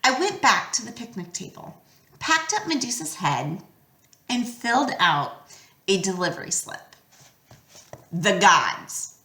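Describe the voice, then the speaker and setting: A woman narrating a storybook aloud with a lively, expressive delivery. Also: fairly high pitch, unhurried. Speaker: audiobook reader. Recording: roomy echo.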